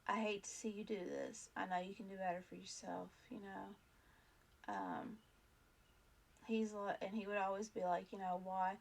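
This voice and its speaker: A woman's voice: medium pitch, expressive, unhurried, creaky. A woman vlog host telling a personal story in a casual, earnest, rambling way, full of fillers and restarts.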